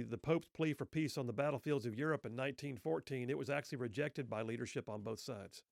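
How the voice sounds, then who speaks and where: A man's voice: medium pitch, dry recording, studio quality. A man telling a historical story in an earnest, reflective way, with rhetorical questions.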